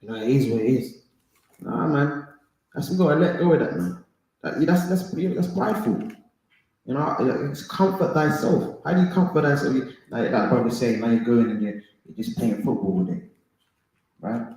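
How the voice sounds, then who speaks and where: A man's voice: mid-range voice, lively intonation, moderate pace, a little mellow. A man leading a casual Bible study, talking emphatically and often tagging lines with "man" and "right?". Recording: echoey room.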